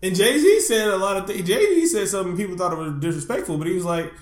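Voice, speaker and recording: Animated joking man, echoey room. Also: high-pitched, quick pace, few pauses. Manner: animated, joking, laughs often, profane. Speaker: podcast co-host. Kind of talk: casual podcast chat.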